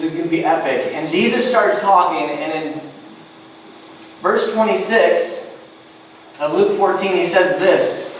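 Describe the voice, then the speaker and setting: A man preaching a sermon as a pastor, animated and acting out little scenes in different voices. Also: high-pitched, normal speed, a little hiss or hum. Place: church sanctuary. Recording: echoey church hall from far off.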